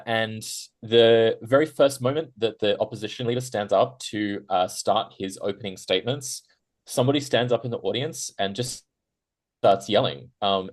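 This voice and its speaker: A man answering as a guest on a discussion panel, talking casually and rambling with lots of fillers, tag questions and small laughs. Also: on the low side. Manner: rambling, frequent "right?" tags and fillers; animated, laughs while talking.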